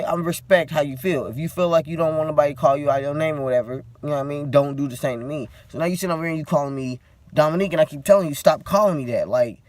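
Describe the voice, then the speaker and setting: Man vlogger, fairly high voice, dry close sound, blunt and profane, worn out. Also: no echo. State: tired. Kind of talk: casual unscripted vlog rant.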